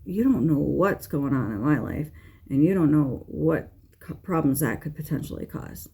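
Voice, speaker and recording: A woman's voice: low voice, animated, moderate pace, creaky, dark tone, slightly rough. A middle-aged woman, a tarot reader, chatting casually and venting bluntly, with rambling asides and frequent swearing. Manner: frank, swears freely, exasperated venting; rambling with fillers and restarts. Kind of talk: casual chat.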